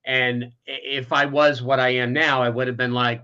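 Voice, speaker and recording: A man with a bright, tense voice tells a personal story as an interview guest. He rambles emotionally, restarting his sentences often. The audio sounds dull and lo-fi. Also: mid-range voice, moderate pace.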